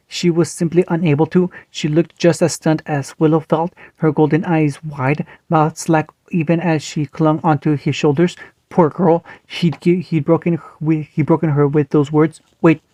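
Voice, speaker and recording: A man reading fan fiction aloud, steady but with small slips and restarts. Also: on the high side, no echo. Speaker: story reader.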